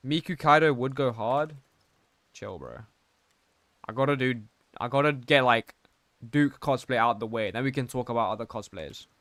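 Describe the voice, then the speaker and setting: A man's voice: mid-range voice, normal speed, pauses often, a bit bright, no room sound. A young man streaming a game, chatting casually, reading out his chat and laughing often. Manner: slangy, reads chat aloud, laughs often.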